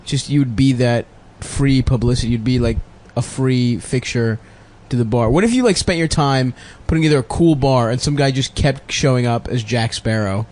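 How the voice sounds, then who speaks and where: Man reacting with quick exclamations. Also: medium pitch, darkish tone. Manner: quick reactive interjections, swears, laughs. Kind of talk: casual comedy podcast chat.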